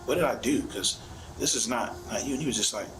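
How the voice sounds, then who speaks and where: A man's voice: medium pitch, fast, background noise. A man, a father, telling detectives an emotional story in casual, slangy speech. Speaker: father of a suspect. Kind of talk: police interview.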